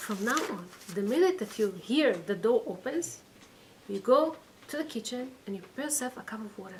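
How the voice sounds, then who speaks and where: Speaking fairly quickly with lively intonation, this woman's slightly high voice leads a storytelling lesson in her weekly Torah class. She performs the voices of quoted characters and repeats phrases to stress them, and the low-quality recording carries some hiss or hum.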